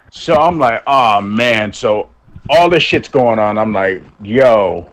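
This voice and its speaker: A man with a lowish voice tells long, rambling stories on a casual podcast. He swears constantly and jumps into the voices of the people in his tales. There is a faint hiss of noise behind him. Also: wildly swooping pitch, slow pace, rough recording. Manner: rambling anecdotes, heavy swearing, acts out quotes. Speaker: podcast co-host. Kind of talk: casual storytelling chat.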